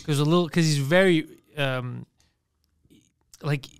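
A man chatting casually as a podcast co-host, an animated storyteller who rambles with restarts. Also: fairly high pitch, a little slow, vocal fry, clean tone. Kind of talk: casual chat.

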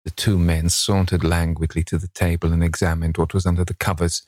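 A man narrates a classic novel in a measured, steady way. His voice sits very low, and the recording is dry with no room sound. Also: dry recording. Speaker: audiobook narrator. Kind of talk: reading a classic novel aloud.

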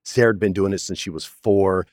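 A man's voice: sits low, brisk, no echo, studio quality. A man in his forties, an actor guest, telling stories in a casual interview and acting out the quotes. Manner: animated storyteller, acts out quotes, says "man" often. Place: studio, in person.

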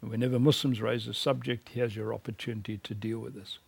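A man teaches in a gravelly, slightly husky voice, recorded dry and close. He speaks with emphatic conviction and mixes in personal stories. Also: mid-range voice, steady tone, fast, no echo. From South Africa. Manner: earnest, emphatic preaching cadence with personal anecdotes. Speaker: lecturer.

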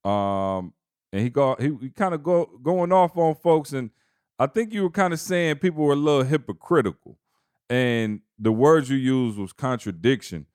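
A man co-hosting a casual podcast, talking in a relaxed, rambling way with laid-back slang. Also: mid-range voice, normal speed, clean tone, dry recording, clean studio sound. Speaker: podcast co-host.

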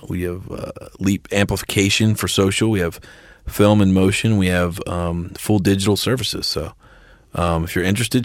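A man's voice: low-pitched, dry recording, clean studio sound. Laid-back man, rambling podcast guest. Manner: loose and rambling, with many restarts. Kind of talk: casual podcast chat. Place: podcast booth.

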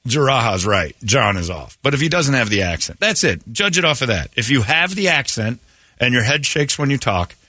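A man's voice: mid-range voice, big pitch swings, moderate pace, pushed and bright, dry recording, clean studio sound. A man hosting morning radio, joking animatedly and mimicking callers in put-on voices. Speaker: radio show host.

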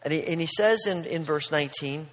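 A man's voice: fairly high pitch, fairly quick, in a large hall. A man preaching a sermon as a pastor, earnest and emphatic, often restarting and repeating words as he works through a point.

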